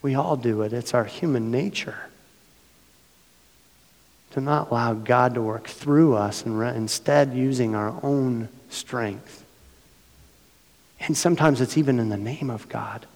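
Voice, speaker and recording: A middle-aged man preaching a sermon as pastor, his voice hoarse from losing it, earnest and building to emphatic passages. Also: mid-range voice, measured pace, pauses often, long reverb tail. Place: church sanctuary.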